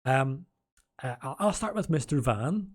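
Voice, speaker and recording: A man's voice: medium pitch, animated, unhurried. A man hosting and interviewing on a casual live stream, rambling and correcting himself as he jokes along. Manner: rambling, self-correcting, jokey.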